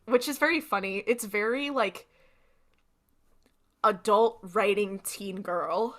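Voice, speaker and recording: A young woman co-hosting a podcast, recapping an episode in casual chat and acting out characters in quick asides. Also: medium pitch. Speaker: podcast co-host.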